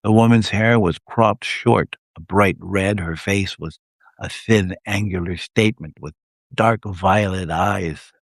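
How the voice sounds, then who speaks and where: A man reading his own first-person adventure story aloud on a live stream, telling it in a steady way. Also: low voice, takes it slowly, no echo, studio quality.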